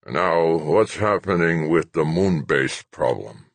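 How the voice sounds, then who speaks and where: A man voicing a cranky, failing old general who speaks slowly in a slurred, croaking voice. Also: very deep voice, animated, no echo, full character voice. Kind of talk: audiobook character voice.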